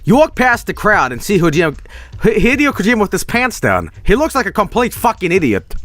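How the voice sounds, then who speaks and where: A man streaming, reading an AI text adventure aloud in an animated way, swearing and laughing as he goes. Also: high voice, brisk, no room sound.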